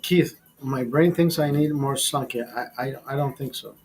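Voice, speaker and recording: A man's voice: medium pitch, unhurried, a little mellow, soft background music. Crude, rambling male livestream host. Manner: profane, rambling, laughing. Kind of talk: casual crude chat.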